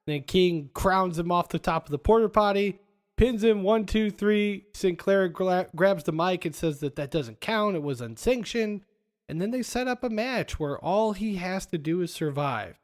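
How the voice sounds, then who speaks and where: Man, high voice, podcast host, casual movie recap, laughs often. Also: expressive, normal speed. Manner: retells scenes, laughs often.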